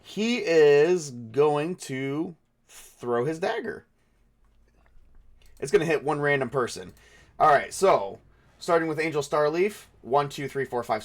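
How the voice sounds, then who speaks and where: A man running a tabletop game as game master, thinking aloud with many fillers and restarts. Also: medium pitch.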